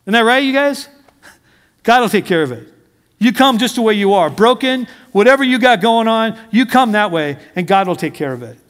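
A man's voice: high voice, expressive, moderate pace, a bit bright, in a large hall. A middle-aged male pastor preaching a conversational sermon, asking his congregation questions and mixing in humor.

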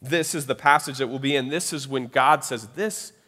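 A man preaching a sermon in a casual, conversational way, often checking in with his listeners with quick tag questions. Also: mid-range voice, bright, forceful tone, long reverb tail.

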